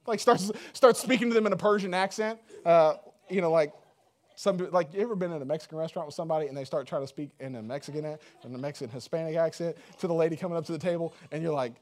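A man's voice: high-pitched, fast. A man preaching a sermon in a loose, conversational way, joking and full of fillers. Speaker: pastor.

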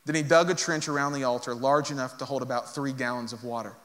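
A man preaching a sermon, reading scripture aloud and joking with animated energy. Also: medium pitch, fast talker. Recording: long hall reverb.

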